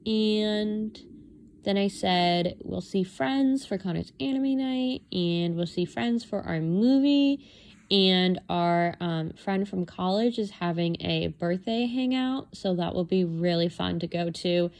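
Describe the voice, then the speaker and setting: A woman's voice: slow pace, a little mellow. Chatty young woman rambling casually. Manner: rambling, self-deprecating, acts out her own thoughts in a higher voice. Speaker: vlogger. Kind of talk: casual chatty journal flip-through.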